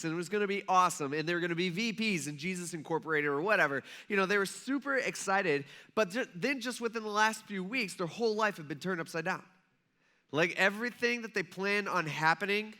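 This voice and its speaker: High, pushed, and bright, this man's voice carries a relaxed, conversational sermon. The pastor loosely retells a story, performs the voices of the people in it, and says "kinda" and "like" often.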